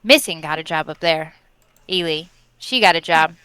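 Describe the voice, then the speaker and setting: Woman player, hesitant recap delivery, crisp bright tone. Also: low-pitched, moderate pace, dry recording, poor audio. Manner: hesitant, unsure of names. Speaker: player giving a session recap. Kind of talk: casual recap.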